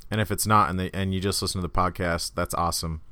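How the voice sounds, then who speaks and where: A man's voice: low voice, steady tone, fast talker, pushed and bright, clear, resonant tone, dry recording. A man co-hosting a podcast in casual chat, rambling and self-mocking and laughing often. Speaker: podcast co-host.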